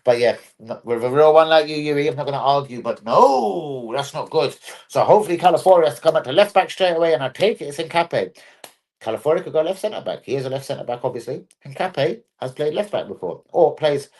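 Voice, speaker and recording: A man's voice: on the high side, lively intonation, a little fast, darkish tone. A man hosting a live football stream, chatting casually, bluntly and with a lot of swearing.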